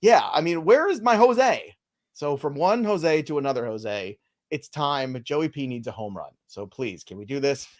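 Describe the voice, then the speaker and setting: A man's voice: on the high side, animated, moderate pace. A man hosting a live fantasy baseball show, casual and playful in his banter with a co-host. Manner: jokey, playful, teasing co-host.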